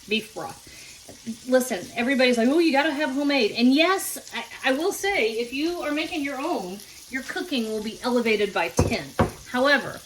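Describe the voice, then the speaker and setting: A middle-aged woman walks her viewers through a home recipe in a chatty, folksy way. She sounds at ease in her own kitchen, with pans sizzling and clattering clearly behind her voice. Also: fairly high pitch, background noise. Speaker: home cooking host. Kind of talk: casual cooking demonstration.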